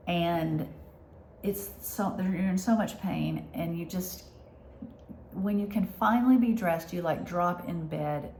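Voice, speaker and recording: A woman talks slowly and candidly in a personal vlog, her voice gravelly with fry and a little low. She is halting and heartfelt, with many fillers and moments where she sinks into a whisper. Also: darkish tone, a little hiss or hum. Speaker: vlogger sharing her illness.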